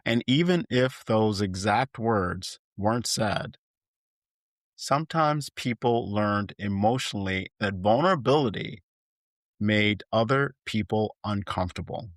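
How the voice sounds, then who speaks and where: A man hosting a solo podcast as a life coach, speaking in an earnest, gentle and reflective way, and rising in emphasis as he lists points. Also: fairly low pitch, expressive, a little slow, no room sound, clean studio sound.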